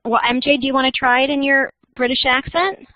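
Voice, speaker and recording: A woman's voice: high voice, steady tone, a little fast, no echo. A woman teacher running an online algebra class, chatty and laughing, with many fillers. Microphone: computer mic in online class. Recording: dull dry lo-fi computer audio.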